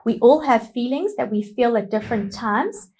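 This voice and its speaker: A woman teaching a lesson to young children, animated and emphatic in simple words. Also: fairly high pitch, normal speed, rough recording.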